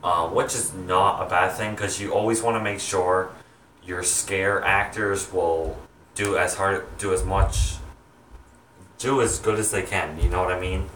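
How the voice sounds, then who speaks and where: A young man chatting to his viewers, rambling and halting with many ums and restarts. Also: low-pitched, steady tone, a bit bright, echoey room, recorded from a distance, slight background noise. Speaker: vlogger, home haunt maker. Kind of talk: rambling casual chat to viewers.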